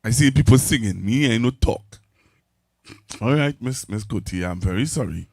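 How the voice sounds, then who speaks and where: A man's voice: medium pitch, lively intonation, normal speed, vocal fry, slightly rough, dry recording, studio quality. A Trinidadian man hosting a casual talk show, joking and laughing often as he teases his guest. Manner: jokey, laughs often, teasing. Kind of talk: casual chat.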